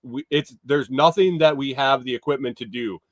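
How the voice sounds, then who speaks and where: A morning livestream host reads news stories aloud, interrupting himself with sarcastic, rambling remarks and some swearing in a casual commentary style. He speaks at medium pitch and a moderate pace, and the recording is dry.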